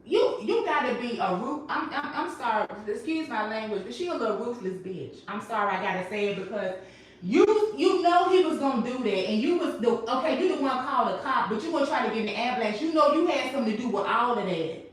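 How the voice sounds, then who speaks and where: A woman hosting a casual recap chat, telling the story with emphatic, animated delivery. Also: a little high, fast talker. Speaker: host. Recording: echoey room, mic at a distance.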